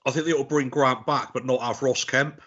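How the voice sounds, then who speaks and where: A man in his forties rambling through a long, swear-laden story, restarting his sentences as he goes. His voice is husky. The recording sounds a little dull and lo-fi. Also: medium pitch, steady tone, brisk, a bit bright. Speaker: podcast guest. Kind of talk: casual chat.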